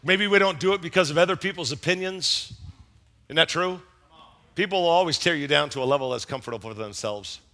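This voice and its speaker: A man's voice: fairly high pitch, a little fast. A middle-aged man preaching a sermon, telling stories animatedly and acting out scenes. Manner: animated, acts out scenes and voices. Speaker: pastor. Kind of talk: sermon with storytelling.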